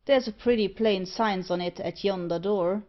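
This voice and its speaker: A woman's voice: mid-range voice, normal speed, highs cut off, close to an everyday voice. A woman reading the lines of a stout old rustic workman, gossiping in homely country speech. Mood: gossipy.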